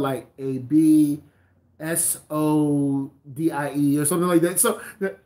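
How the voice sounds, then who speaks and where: A man co-hosting a casual podcast chat in a laid-back manner, using slang and tossing in quick agreeing interjections. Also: sits high, a little mellow. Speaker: co-host.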